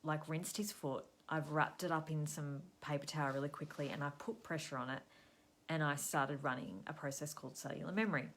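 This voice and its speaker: Low-voiced Australian woman hosting a live stream. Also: a bit bright. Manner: chatty, storytelling, greets viewers in passing. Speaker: host of a weekly live show. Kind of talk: live-stream talk to viewers.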